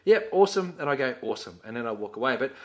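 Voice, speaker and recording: Australian male co-host, mid-range voice, animated storyteller in casual podcast chat. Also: mid-range voice, racing, a little hiss or hum. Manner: lively storytelling, acting out quotes.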